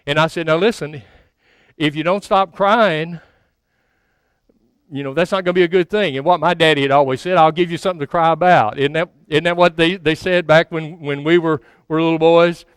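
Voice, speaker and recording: High-voiced man in his sixties preaching. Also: fairly even intonation, moderate pace, clear, resonant tone, dry recording. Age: 60s. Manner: folksy, self-mocking, stammers and repeats words. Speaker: pastor. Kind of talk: storytelling sermon.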